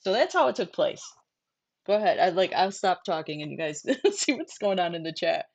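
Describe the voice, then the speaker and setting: A woman's voice: fairly low pitch, sing-song, fairly quick, dull audio. A woman hosting a casual true-crime livestream, chatty and digressive, talking straight to her viewers. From New York. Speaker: livestream host.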